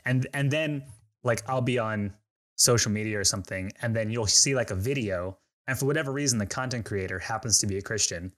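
A man's voice: lowish voice, fairly quick, fairly bright tone. A man talking in a casual, chatty way and using slangy phrases. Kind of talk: casual conversation.

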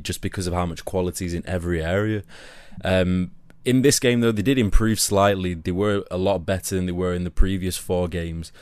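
A man's voice: deep voice, dry recording. A man giving earnest football analysis on a podcast. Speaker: podcast co-host.

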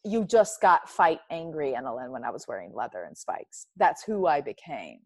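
A woman's voice: deep voice, sing-song, moderate pace, slightly rough, no echo, clean studio sound. A woman speaking candidly as an interview guest, reflective and emphatic, often laughing. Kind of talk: candid personal conversation.

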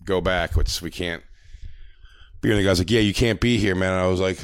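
In clean studio sound with no echo, a podcast co-host with a low, clear, resonant voice talks a little fast through a lengthy story. His casual, meandering delivery is packed with fillers and performed quotes.

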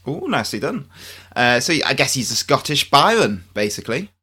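Male co-host, bright and forceful, nervous giggly delivery. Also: mid-range voice, big pitch swings, fairly quick, slightly rough. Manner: nervous laughs, mock Scottish attempts. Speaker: podcast co-host. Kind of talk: scripted podcast banter.

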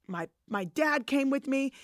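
A middle-aged woman telling a personal story in casual conversation, animated and acting out the voices of others. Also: high voice, measured pace, dry recording, clean studio sound.

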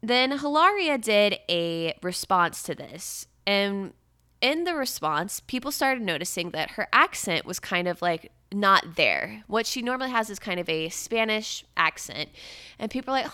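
A woman's voice: medium pitch, sing-song, measured pace, sharp tone, clean tone, dry recording, studio quality. A young adult woman hosting a podcast, talking in a casual chatty way, full of "like" fillers. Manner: chatty, filler-heavy with frequent "like". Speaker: podcast host. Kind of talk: casual chat.

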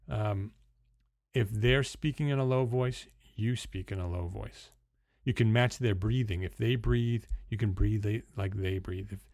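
A man's voice: lowish voice, a little mellow, dry recording. A man from New Jersey with a New Jersey accent, hosting an unscripted instructional talk into a studio microphone, with many fillers and restarts. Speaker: host.

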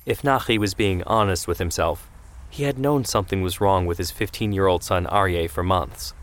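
A man narrating a scripted story in a steady storytelling way. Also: deep voice, moderate pace.

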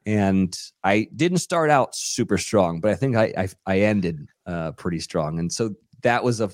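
A man on a podcast spins a rambling anecdote, acting out what people said with lots of "um" and "like". His voice sits a little low. The sound is close and dry, with hardly any room echo. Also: unhurried. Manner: animated storyteller who acts out quotes, many fillers. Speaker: podcast guest, radio DJ and TV personality. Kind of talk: casual anecdotal storytelling. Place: podcast studio.

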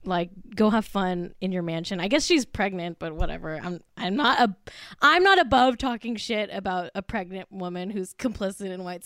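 A young woman with a mid-range voice hosts a celebrity gossip podcast, recorded with clean studio sound and no echo. She's a little tipsy, swearing freely, giggling between lines, and saying "like" constantly as she dishes the gossip.

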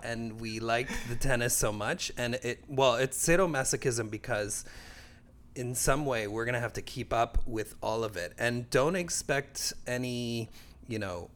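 A man from Canada co-hosting a tennis podcast in casual chat, relaxed and joking, laughing often. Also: mid-range voice, a little slow. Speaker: podcast co-host.

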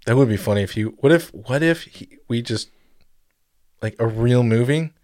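A male co-host with a mid-pitched voice who tells a story in a rambling, jokey way. He stops to correct himself and apologize, and the sound is dry and close-miked. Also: normal speed, darkish tone, no echo. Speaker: podcast co-host. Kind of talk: casual podcast chat.

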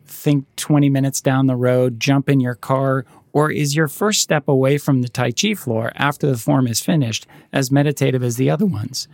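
A man co-hosting a podcast, telling reflective, gentle anecdotes in casual conversation. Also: medium pitch, vocal fry, no echo, studio quality. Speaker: podcast co-host.

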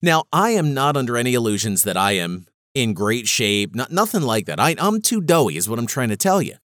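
A man's voice: medium pitch, very animated, a little fast, fairly bright tone, no echo, studio quality. A man hosting his own show, telling a story in a casual, self-mocking monologue. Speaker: podcast host.

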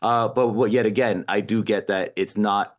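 A man's voice: on the low side, fairly even intonation, normal speed. A film critic, a man, giving a thoughtful, rambling analysis on a podcast. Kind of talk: podcast discussion.

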